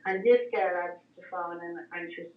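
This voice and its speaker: A woman with an Irish accent chats at length as a guest, winding through her story with plenty of ums and uhs. Her voice sits fairly low and comes from a distance in a roomy space, with a dull, muffled line. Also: fairly quick. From Ireland. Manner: rambling storyteller, many fillers. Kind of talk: casual chat on a call-in show.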